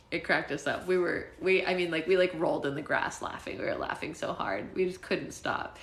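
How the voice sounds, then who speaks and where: A chatty woman hosting a morning book-club livestream on her phone, talking straight to viewers between reading passages. Her voice sits a little low for a woman, and she laughs easily and drops into quick playful impressions. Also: expressive. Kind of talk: casual live-stream chat and read-aloud.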